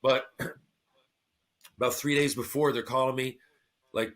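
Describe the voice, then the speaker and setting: A man's voice: medium pitch, measured pace, pauses often. A middle-aged man chatting on a podcast as a guest. He tells a long story with lots of swearing and acts out the lines of the people in it. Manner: animated, profane, acts out quotes. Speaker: podcast guest, former hockey fighter. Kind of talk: casual storytelling chat.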